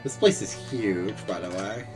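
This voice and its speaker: A woman's voice: a bass voice, measured pace. A woman streamer reading a story game aloud, making casual asides between the voiced lines. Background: game music.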